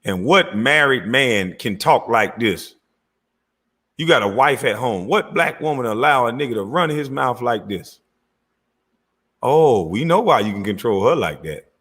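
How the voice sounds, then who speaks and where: Medium in pitch, expressive, husky and unhurried, this man's voice carries a profane rant. As host of his own commentary channel, he reacts to clips by mocking them, cursing, and laughing loudly.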